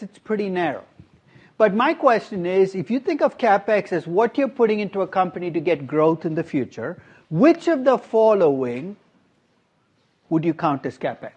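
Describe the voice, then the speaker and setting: A middle-aged male professor lectures a class in a slightly high voice that swings widely in pitch. He keeps putting questions to his students and slips in dry, wry asides. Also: big pitch swings, normal speed, a little mellow, husky, dull audio. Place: university classroom.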